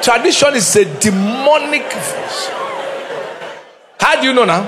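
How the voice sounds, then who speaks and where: A man's voice: extremely high pitch, measured pace, crowd noise, background noise. A middle-aged man, a pastor preaching a humorous sermon with call-and-response and Pidgin asides in a church.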